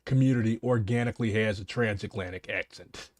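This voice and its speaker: A man's voice: on the low side, brisk, no echo. Male reaction commentator, snarky and blunt, interrupts often, close dry recording. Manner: sarcastic, blunt interjections with swearing.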